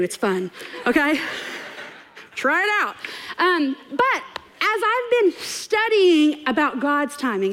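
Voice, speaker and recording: A woman telling a funny personal story in a sermon, laughing and acting out voices. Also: high-pitched. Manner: animated, laughing storyteller who acts out quotes. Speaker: preacher. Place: church stage before a congregation.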